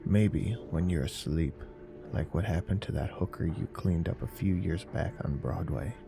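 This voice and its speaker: A man voicing a sinister, mocking male stranger with a raspy, hissing chain-smoker's voice. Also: sits low. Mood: menacing. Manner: slow, menacing, mocking. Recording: narration over faint music.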